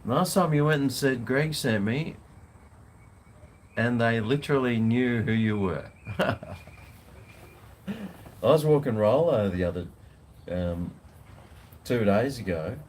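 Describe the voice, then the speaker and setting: A man's voice: medium pitch, lively intonation, unhurried, pauses often, a little mellow, slight background noise. An Australian man, a food vlogger, chatting casually and rambling in a laid-back way on a home veranda. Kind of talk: casual live chat.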